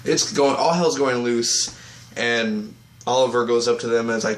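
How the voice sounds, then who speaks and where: A man giving a casual spoken review of a TV episode, rambling and excitable, recorded on a tablet. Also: mid-range voice, normal speed, echoey room. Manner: rambling and excitable, acts out characters' lines.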